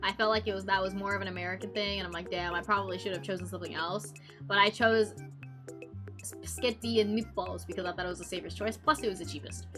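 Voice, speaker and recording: A woman's voice: mid-range voice, steady tone, fast, music in the background. A young adult woman streamer chatting casually, rambling, joking and swearing as she goes.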